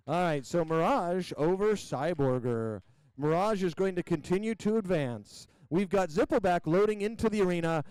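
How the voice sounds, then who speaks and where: A man announcing a robot combat event, calling competitors to the arena and giving energetic play-by-play with countdowns. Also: high-pitched, moderate pace, clean tone, no echo, rough recording. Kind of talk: live event commentary.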